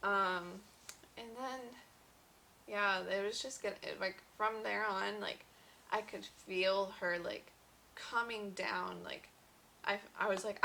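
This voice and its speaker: Young woman vlogger, casual storyteller; bright, slightly gravelly tone, chatty delivery with fillers. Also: mid-range voice, steady tone, slow, a little hiss or hum, low-quality recording. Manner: chatty, many fillers and quoted dialogue.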